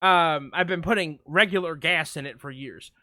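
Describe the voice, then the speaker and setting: A podcast co-host tells a long anecdote during casual chat, animatedly acting out what people said. His voice is on the high side and moves at normal speed, recorded at studio quality with no echo.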